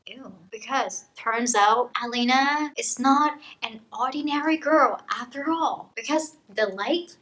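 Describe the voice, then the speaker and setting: A woman's voice: high-pitched, unhurried, hardly any pauses, fairly bright tone, low-quality recording. A young woman giving a casual book summary in a chaotic, chatty, profane way. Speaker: book vlogger.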